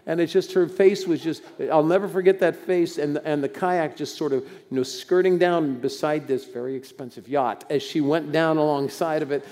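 Older male pastor, dark voice. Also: on the high side, steady tone, normal speed, few pauses. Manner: conversational, folksy, with restarts and bursts of emphasis. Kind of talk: sermon. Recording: long hall reverb.

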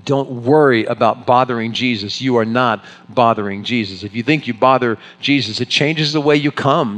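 A man preaching a sermon as pastor, swinging between loud exclamations and hushed, tender asides. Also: medium pitch, normal speed, hardly any pauses. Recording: long reverb of a large hall.

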